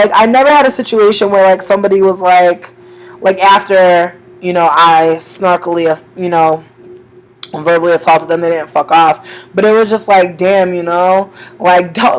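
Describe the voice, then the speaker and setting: A woman's voice: fairly low pitch, poor audio. A young woman who reads tarot on the street, telling stories in a casual vlog, swearing freely and acting out both sides of each conversation. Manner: profane, animated, acts out both sides of conversations.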